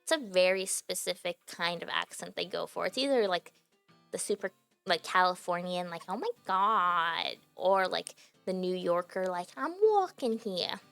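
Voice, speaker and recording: A woman's voice: lowish voice, steady tone, normal speed, gravelly, clean tone, dry recording, faint music behind. A young adult woman streaming, chatting casually to her viewers, giggly and filling her talk with "like". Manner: chatty and giggly, heavy use of "like" fillers. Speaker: livestreamer.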